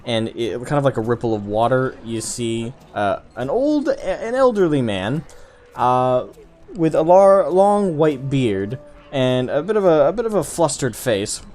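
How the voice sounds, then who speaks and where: A man narrating as game master of a tabletop game, talking in halting bursts with frequent restarts. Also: medium pitch, sing-song, darkish tone. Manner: halting, many restarts and fillers.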